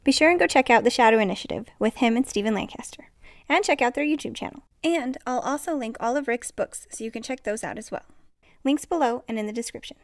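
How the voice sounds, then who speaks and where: A woman's voice: on the high side, fast, no echo, studio quality. A woman hosting a podcast, talking in a bubbly, effusive way to her listeners. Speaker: podcast host. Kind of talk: casual podcast chat.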